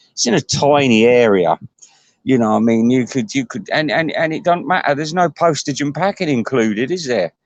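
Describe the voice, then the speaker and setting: A man's voice: medium pitch, no echo. A man delivering a crude, rambling comic rant, full of restarts and asides.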